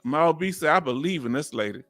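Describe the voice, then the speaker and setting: A man from Houston with a Southern Texas accent, hosting a live stream in a folksy, drawn-out storytelling way. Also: on the high side, lively intonation, fairly bright tone, soft background music. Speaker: host.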